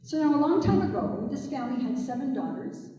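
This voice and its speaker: A woman storyteller telling tales to schoolchildren, animated and speaking directly to the kids. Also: high-pitched, a little fast. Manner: animated, addresses the children directly. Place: school hall or stage. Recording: echoey hall from far off.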